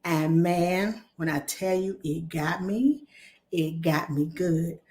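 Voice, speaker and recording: A woman's voice: fairly low pitch, takes it slowly. Chatty woman, voice just back. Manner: rambling, animated storytelling with restarts. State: recovering from laryngitis, slightly hoarse. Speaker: vlogger. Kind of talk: casual chatty talk to camera.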